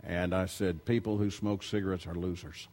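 A middle-aged man preaching a sermon, telling stories in a low voice and then rising loudly as he reads and exhorts. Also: fairly even intonation, normal speed. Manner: shifts from quiet storytelling to loud preaching.

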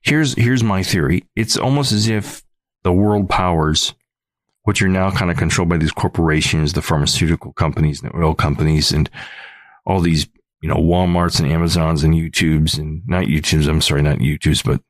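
A man's voice: a bass voice, fairly even intonation, normal speed, no room sound. A middle-aged man hosting a podcast, talking in an earnest, rambling monologue full of restarts. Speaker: podcast host.

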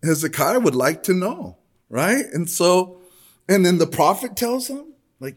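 A male preacher with a somewhat high voice gives a sermon. He talks in a relaxed, conversational way, then reads scripture aloud with growing intensity. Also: a little slow, breathy edge.

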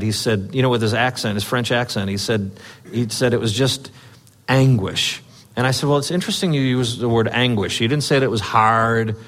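A man's voice: medium pitch, a bit bright. A man preaching a conversational sermon as pastor, telling a personal story with earnest urging and frequent fillers.

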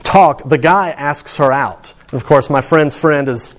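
A man's voice: on the high side, a little slow. A man giving a sermon to students in a conversational, storytelling way. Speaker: preacher.

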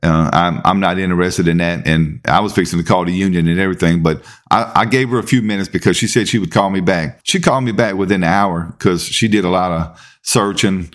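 A man with a very low voice tells a workplace story in an easy, casual way. He acts out the lines of the other people in it, jumping higher in pitch for each quote. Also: fairly quick. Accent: Southern US. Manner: animated, acts out quoted dialogue. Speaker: podcast host and police officer.

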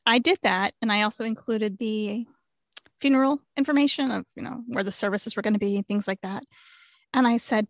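A frank woman with a fairly high voice, talking candidly in a podcast conversation. She laughs easily and doesn't mind a swear word. The recording is dry and close, with no room sound. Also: fairly quick, no echo. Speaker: guest sharing grief story.

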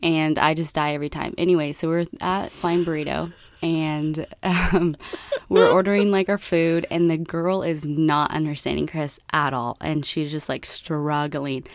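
A woman's voice: low voice, measured pace, no room sound. Giggly young woman telling a story. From United States. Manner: laughing storyteller, animated quoting. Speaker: co-host. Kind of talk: casual chat.

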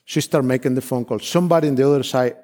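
A man's voice: mid-range voice, quick pace, darkish tone. A man from Argentina preaching a sermon, telling of a mission trip with fervent, repetitive declarations and frequent restarts. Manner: frequent restarts, non-native phrasing. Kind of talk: sermon with personal testimony.

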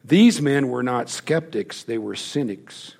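Male preacher, sermon, gravelly, husky, emphatic storytelling with hushed drops. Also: medium pitch, lively intonation, slow.

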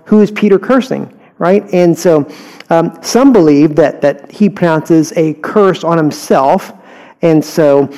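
Brief: Texan man teaching scripture, easygoing, mellow voice, slightly higher pitch. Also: poor audio. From Houston, Texas. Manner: conversational, asks listeners rhetorical questions. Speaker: Bible teacher. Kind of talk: verse-by-verse Bible teaching.

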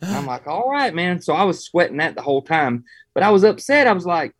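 A man from Georgia with a Southern accent, telling hunting stories in a folksy, animated way during a casual interview. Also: fairly high pitch, fast, slightly rough. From Georgia, USA. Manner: folksy, animated, chuckles as he talks. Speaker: hunting guest.

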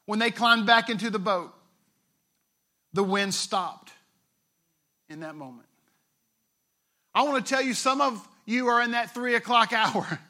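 Male pastor, high and bright voice, chatty sermon delivery with jokey asides. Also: a little slow, pauses often. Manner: conversational, retells scripture with playful asides.

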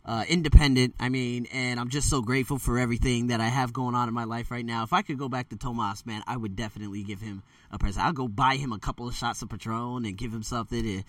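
Talking quickly with hardly any pauses, a man with a mid-range voice shares a loosely told childhood story on his casual vlog, stumbling through fillers and self-corrections. He acts out quoted voices with animation; the sound is dry, with no room tone, and he's positioned far from the mic.

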